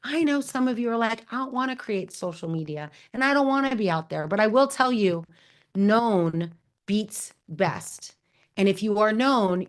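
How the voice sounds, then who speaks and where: An energetic woman talks straight to her audience. She gives career tips in an encouraging, conversational way, and her voice sits at an everyday middle pitch. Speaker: host. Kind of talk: Q&A advice talk.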